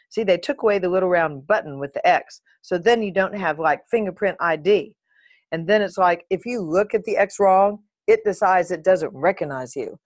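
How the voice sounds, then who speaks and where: A middle-aged woman speaks in a lowish voice, chatting straight to her audience as a vlogger. Her story is lively and animated, full of asides and the odd playful swear word. The recording is close and dry, with no room sound. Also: no room sound. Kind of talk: casual talking-to-camera monologue.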